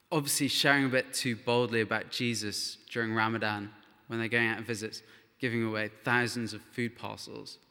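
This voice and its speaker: Bright-voiced man giving a church testimony. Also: mid-range voice, in a large hall. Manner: earnest storytelling, chatty with fillers. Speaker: missionary speaker.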